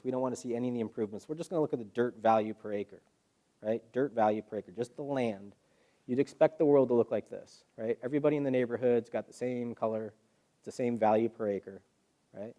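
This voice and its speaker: A man presenting to a live audience in a hall, telling stories with rhetorical questions and acted-out quotes. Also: mid-range voice. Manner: animated storyteller, acts out quotes, rhetorical questions. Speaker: guest presenter. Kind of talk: public talk to a live audience.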